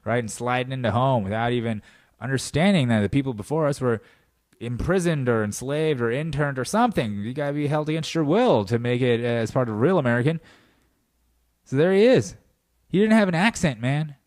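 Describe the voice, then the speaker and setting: A man hosting a podcast talks through a loose comedic monologue. He riffs in an animated, profane way and slips into mock voices now and then. His voice sits at an ordinary middle pitch, recorded close and dry with no room sound. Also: a little fast, dry recording. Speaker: podcast host. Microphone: podcast mic.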